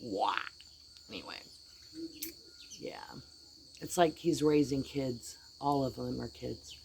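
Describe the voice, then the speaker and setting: A woman's voice: very deep voice, takes it slowly, vocal fry, a little mellow. A middle-aged woman with an American accent talks straight to the camera in a loose, rambling vent. She sounds exasperated and blunt and drops casual swear words. A faint background noise sits under her voice. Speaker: vlogger. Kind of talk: casual venting monologue.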